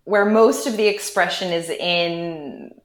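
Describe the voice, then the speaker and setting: A woman's voice: lowish voice, takes it slowly. A woman guest on a podcast, telling candid stories in a dry, wry, blunt way, breaking into laughs. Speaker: interview guest. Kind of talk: candid conversational storytelling. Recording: roomy echo on the voice.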